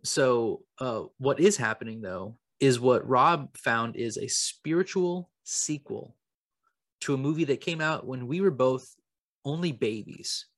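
Deadpan young man riffing absurdly. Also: medium pitch, unhurried, no echo, clean studio sound. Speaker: podcast co-host. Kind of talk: improvised comedy podcast chat.

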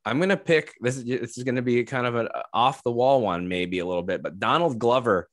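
A man's voice: medium pitch, a little fast, no room sound, studio quality. Easygoing man chatting as a guest. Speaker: podcast guest, comedian. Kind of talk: casual interview chat.

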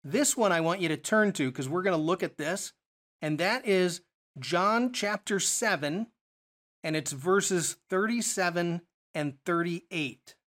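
A man's voice: high voice, unhurried, fairly bright tone. A man teaching a Bible study lesson, explaining verses and asking rhetorical questions as he goes.

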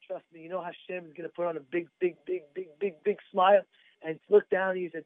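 A man preaches with a very high voice and an urgent, emphatic delivery, asking his listeners question after question. The sound is thin and phone-like, and dry with no room echo. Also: level tone, brisk. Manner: emphatic, repeats phrases, asks the audience questions. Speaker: rabbi giving a Torah class. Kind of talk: sermon.

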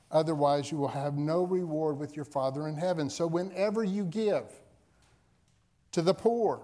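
A man's voice: on the high side, warm tone. Emphatic pastor, man with a lifted voice. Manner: emphatic, repeats key phrases for effect. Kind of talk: sermon with scripture reading. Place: church service before a congregation.

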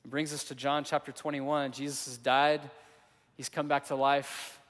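A man preaching a sermon, telling a story and acting out the quotes, swinging from loud to hushed. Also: medium pitch, level tone, moderate pace, long reverb tail. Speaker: pastor.

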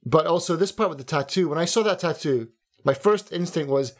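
A man's voice: fairly high pitch, very animated, moderate pace. A man co-hosting a casual podcast, giving candid, picky opinions about a game. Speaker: podcast co-host.

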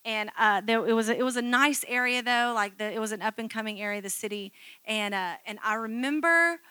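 A woman's voice: on the high side, fairly quick, bright, forceful tone, smooth, no echo. A middle-aged woman pastor preaching a sermon in a chatty, self-mocking storytelling way, acting out quotes from her own life.

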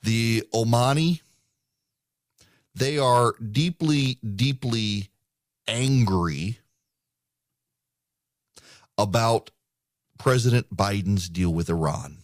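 A man's voice: fairly low pitch, no room sound, studio quality. A man hosting a political talk radio show, speaking emphatically and often repeating words as he starts a sentence. He grew up in the United Arab Emirates.

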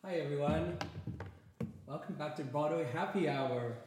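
A Canadian man hosting a theatre talk show, chatting softly and gushing about a show. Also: a little high, unhurried, heavy reverb, noisy background. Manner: gushing, soft and chatty with restarts. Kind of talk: casual chat.

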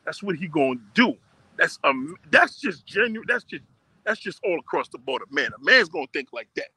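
A man's voice: a little high, very animated, normal speed, bright, forceful tone, husky, dry recording. A man ranting profanely and emphatically on a livestream, repeating himself as he talks outdoors on a phone. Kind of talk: casual rant on a livestream.

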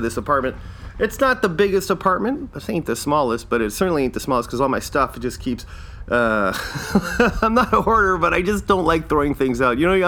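A man's voice: on the high side, a bit bright. A man in his fifties from Canada, hosting a casual solo podcast and rambling through his life in a loose, self-deprecating way. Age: 50s. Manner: rambling, self-deprecating, chuckles at own jokes. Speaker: podcast host.

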